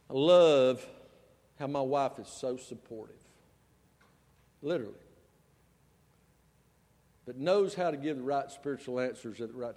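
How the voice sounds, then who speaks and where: A male pastor preaching a storytelling sermon, swinging between loud and soft. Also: a little high. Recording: long church reverb.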